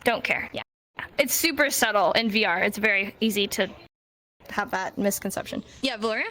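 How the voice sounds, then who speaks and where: A woman teaching a sign language class in a relaxed, teasing way, slowing down to model each phrase. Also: mid-range voice, low-quality recording. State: hot and sweaty. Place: warm room, virtual reality class.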